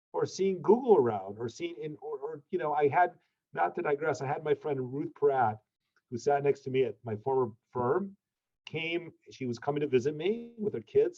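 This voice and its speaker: A man's voice: mid-range voice, a little mellow, muffled recording. A man speaking as an ambassador guest in a webinar, blunt and informal, restarting sentences and tagging them with "okay?". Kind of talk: candid webinar conversation.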